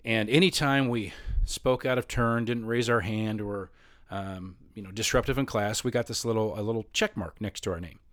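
A man's voice: fairly low pitch, normal speed, dry recording. Man telling classroom stories, dry sound. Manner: rambling, self-correcting, animated when quoting others. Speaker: middle school choir teacher. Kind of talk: personal storytelling.

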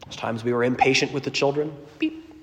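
A man preaching a sermon as a pastor, earnest and storytelling, moving between loud emphasis and quiet asides. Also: medium pitch, steady tone, fast talker, long reverb tail.

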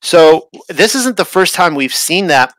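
A man's voice: a little high, expressive, unhurried, a bit bright, no room sound, rough recording. A man hosting a Bible study podcast, talking casually and thinking aloud with frequent restarts and fillers. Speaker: podcast host. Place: traveled to Israel.

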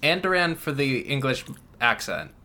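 A man's voice: medium pitch, animated, moderate pace, bright, forceful tone. A man co-hosting a podcast, chatting casually among friends and readily adding details. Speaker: podcast co-host.

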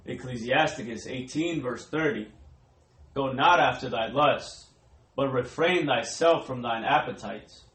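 A man with a mid-range voice reads scripture aloud in a steady, formal style. The sound is roomy and echoey, with his voice coming from away from the microphone. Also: medium pitch, a little slow. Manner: steady, formal reading of old-style verse. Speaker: scripture reader. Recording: echoey room, voice off-mic.

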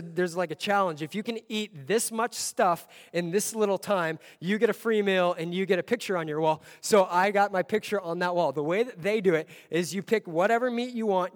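A man preaching a sermon as pastor, telling a story with a voice that swells from quiet to loud. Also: high voice. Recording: long hall reverb.

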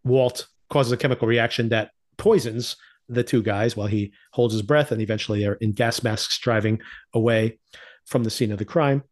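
Podcast host, male, mid-pitched, animated, laughs a lot while recapping; acts out quotes. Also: normal speed. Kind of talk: casual TV recap chat.

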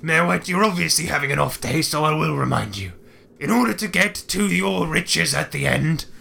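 Gravelly game master. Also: male voice, on the high side, slight background noise. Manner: playful, swearing, excitable. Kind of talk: narrating a tabletop game.

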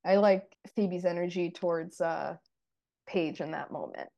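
A woman with a lowish, mellow voice chats casually as a podcast co-host. She recaps a TV episode in a relaxed, filler-heavy way, sharing her opinions as she goes. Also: measured pace, vocal fry. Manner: relaxed, chatty, uses many fillers.

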